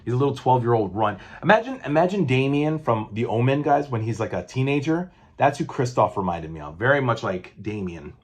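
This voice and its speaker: A man's voice: mid-range voice, expressive, fairly quick, hardly any pauses, slightly rough. A man in his forties chatting casually as a comic book collector on his vlog, rambling and correcting himself with many fillers.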